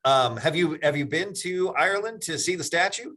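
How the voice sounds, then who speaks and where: A man's voice: a little high, animated, moderate pace, pushed and bright. A man hosting a podcast, chatting casually with his guest and telling a story of his own. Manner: easygoing, laughs along, short affirmations. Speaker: podcast host.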